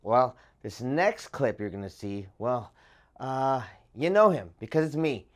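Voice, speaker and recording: Man hosting, halting and casual. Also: medium pitch, lively intonation. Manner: halting, many fillers. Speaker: show host and producer.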